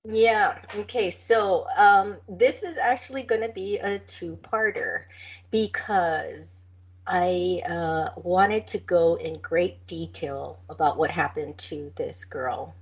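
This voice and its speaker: Husky low-voiced woman podcast host. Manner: halting, careful, with many fillers. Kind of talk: casual chat and true-crime narration.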